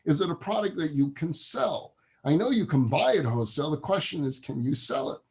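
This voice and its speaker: A man's voice: fairly high pitch, lively intonation, a little fast. A man voicing an exasperated, successful businessman father who lectures his son. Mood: instructive. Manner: instructive, then yelling at his son.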